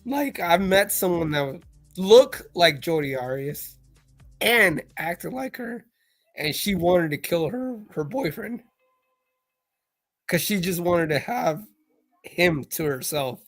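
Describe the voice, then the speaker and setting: Young guy on a stream call, rambly storytelling, yells the quotes, faint music under it. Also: sits high, slow, pauses often. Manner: animated storyteller, shouts quoted lines. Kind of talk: casual chat. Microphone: live stream call mic.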